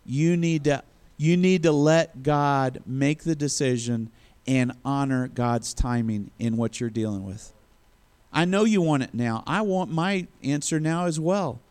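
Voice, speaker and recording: A man's voice: a little high, unhurried, darkish tone, clear, resonant tone. A man preaching a sermon, retelling a story with chuckling asides and acted-out quotes. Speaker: pastor.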